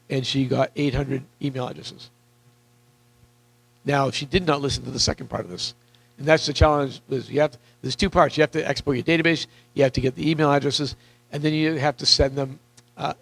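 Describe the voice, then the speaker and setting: A man coaching real estate agents in a live seminar, energetic and repetitive, questioning the audience, with a voice that is wearing out. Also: a little high, fairly quick, vocal fry, rough recording. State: losing his voice.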